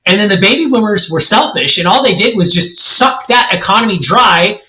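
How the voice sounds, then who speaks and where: A man's voice: high voice, lively intonation, normal speed, pushed and bright. A man in his forties from California, co-hosting a podcast discussion in a heated, emphatic rant. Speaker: co-host. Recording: roomy echoey room.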